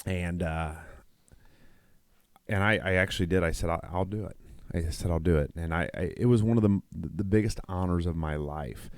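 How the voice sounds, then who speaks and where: A man's voice: low-pitched, normal speed, dry recording, clean studio sound. A middle-aged man, a nurse who co-hosts a podcast, telling a long story in casual chat, rambling with restarts and quoted dialogue. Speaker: podcast co-host.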